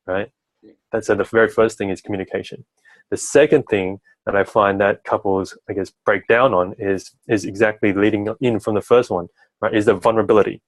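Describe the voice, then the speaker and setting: A man's voice: fairly low pitch, fairly even intonation, a little fast, no echo, low-quality recording. A man working as a relationship coach, talking at length in an advice-giving conversation and often tagging his sentences with "right?". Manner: talkative, tags sentences with "right?".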